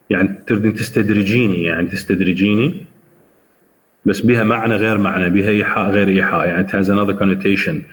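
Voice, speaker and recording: A man's voice: on the low side, steady tone, rapid-fire. A man with an Iraqi Arabic accent giving a classroom lecture, explaining words one by one and quizzing his students. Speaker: university English lecturer. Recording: reverberant room, faint background noise.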